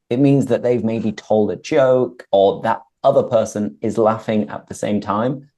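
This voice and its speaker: Mellow low-voiced male English teacher. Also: moderate pace, hardly any pauses. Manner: clear, patient explaining. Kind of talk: conversational teaching.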